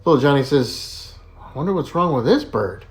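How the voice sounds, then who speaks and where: A man telling jokes in a casual, animated way, laughing at his own punchlines. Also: medium pitch, normal speed. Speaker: joke teller.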